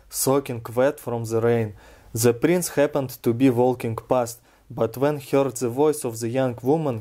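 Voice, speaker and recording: Man, Russian accent, native Russian speaker, storybook reading, slow, warm, relaxed. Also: medium pitch. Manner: relaxed, unexaggerated delivery. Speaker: reader. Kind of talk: reading a fairy tale aloud.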